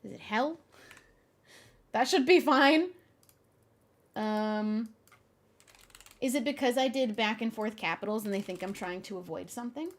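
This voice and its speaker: A young adult woman streaming, chatting casually with her viewers in an animated, often exasperated way and laughing a lot. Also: fairly high pitch, normal speed, pauses often. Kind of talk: casual live-stream chat.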